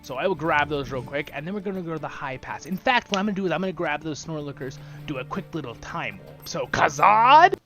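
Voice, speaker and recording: A man's voice: fairly high pitch, fast, few pauses, a bit bright, faint music behind. A man hosting a gaming channel, chatting enthusiastically and rambling while he plays. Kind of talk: casual gameplay commentary.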